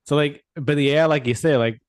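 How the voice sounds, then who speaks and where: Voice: medium pitch, dry recording. Giggly Northern English podcast co-host, dry sound. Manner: giggly, chimes in with quick asides. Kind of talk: casual chat.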